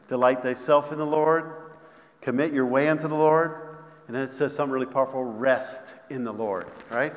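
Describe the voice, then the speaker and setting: A man preaching a sermon, repeating phrases, stumbling over restarts and calling out to the congregation. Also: mid-range voice. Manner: repetitive call-and-response preaching, many restarts. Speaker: pastor. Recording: long hall reverb.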